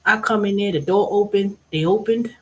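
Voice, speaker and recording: A woman hosting her own vlog, giving a blunt, profane monologue that swings between loud bursts and low asides. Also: normal speed. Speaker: vlog host. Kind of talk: casual ranting monologue.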